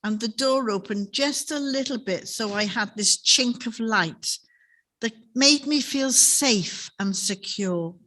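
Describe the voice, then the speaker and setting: Preaching in a chapel, a woman tells stories conversationally and often closes with tag questions. Her voice is slightly high, slow, pushed and bright.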